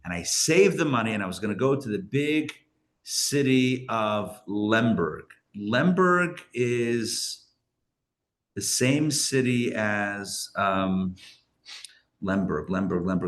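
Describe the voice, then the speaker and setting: A man, a rabbi, telling a story in a casual live class, chatty and acting out the characters' lines with lively jumps in his voice. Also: fairly low pitch, slow. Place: live class in a community center.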